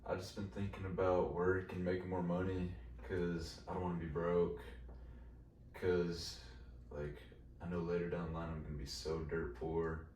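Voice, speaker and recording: A man with a very deep voice chats as a podcast guest, laid-back and drawling, tossing in casual slang. His voice sounds roomy and comes from some distance off the mic. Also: level tone, normal speed, a little mellow, slight background noise. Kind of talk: casual chat.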